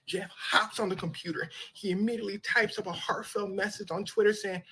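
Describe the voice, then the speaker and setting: A man's voice: high voice, fairly quick, hardly any pauses, bright, forceful tone, breathy edge. A man on a podcast telling a dramatic story in slang, acting out each side's lines. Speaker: podcast host. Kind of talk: animated storytelling with voiced characters.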